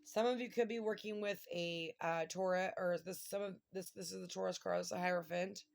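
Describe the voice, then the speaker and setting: A woman's voice: fairly low pitch, steady tone, fairly quick, gravelly. A middle-aged woman doing a casual tarot reading, talking emotionally and exclaiming, close to tears at times. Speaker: tarot reader.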